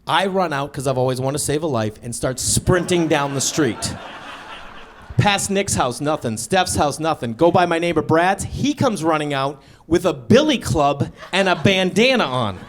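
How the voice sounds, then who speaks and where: A man in his thirties doing stand-up storytelling on stage, acting out dialogue and shouting his punchlines. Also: fairly high pitch, lively intonation, moderate pace, a little hiss or hum. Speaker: stand-up comedian. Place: stage before a live audience.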